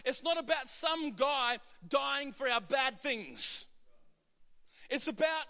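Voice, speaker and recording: Male preacher, high and bright-toned, emphatic, posing rhetorical questions. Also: animated, moderate pace, big-room sound. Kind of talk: sermon.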